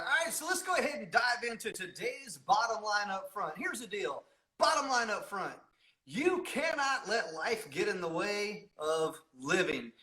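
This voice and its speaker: Animated, high-voiced male host. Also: echoey room. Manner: emphatic, preachy delivery. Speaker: podcast host. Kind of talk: motivational podcast talk.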